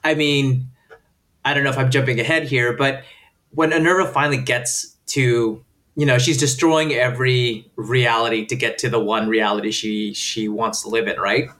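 A man's voice: mid-range voice, steady tone, moderate pace, fairly bright tone. A man chatting casually on a podcast, rambling with many restarts. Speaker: podcast co-host. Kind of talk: casual chat.

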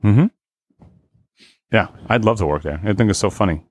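A young man in casual podcast chat, telling stories in an animated, excitable way. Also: moderate pace, no echo. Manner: animated storyteller, jumps in pitch.

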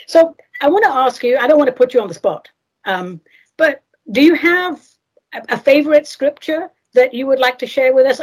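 A woman's voice: sits high, slightly rough. A woman hosting a spiritual radio talk show, speaking earnestly and asking her guest leading questions. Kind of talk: conversational interview.

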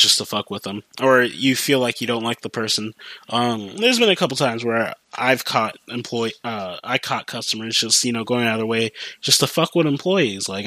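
A man's voice: medium pitch, bright, forceful tone, no room sound. Casual, rambling podcast man. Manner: rambling, profane, lots of fillers and restarts. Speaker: podcast host. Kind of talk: casual storytelling chat.

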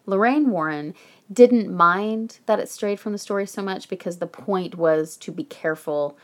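A woman co-hosting a podcast, chatty and animated, casually telling a true haunted story with some swearing. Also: mid-range voice, normal speed.

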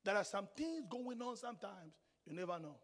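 A man preaching a sermon, swinging from hushed asides to shouted declarations. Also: high-pitched, big pitch swings, brisk. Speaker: pastor. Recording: long hall reverb.

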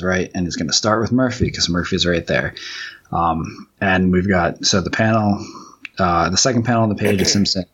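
A man with a very deep, husky voice walks through his comic page by page. He rambles and stops to restart sentences, thinking out loud in a loose, casual way. The recording sounds a bit dull and muffled. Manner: rambling, halting, many restarts and fillers. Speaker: comic book writer. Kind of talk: commentary track, casual chat.

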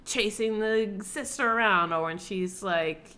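A woman's voice: medium pitch, unhurried, pushed and bright. A young woman co-hosting a podcast in casual chat, rambling with lots of filler words and casual swearing. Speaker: podcast co-host.

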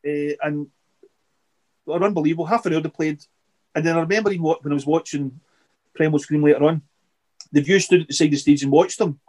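Middle-aged guy rambling on a podcast, voice a bit high, keeps restarting his sentences. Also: steady tone, darkish tone. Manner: rambling, halting, repeats words. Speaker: podcast guest. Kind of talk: casual interview chat.

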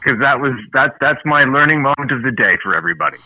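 A man from Canada vents bluntly in casual chat and swears often. His voice sits at a middle pitch. It comes through a dry, narrow, phone-like line. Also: expressive, fast, no room sound. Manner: blunt, profane ranting. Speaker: podcast co-host.

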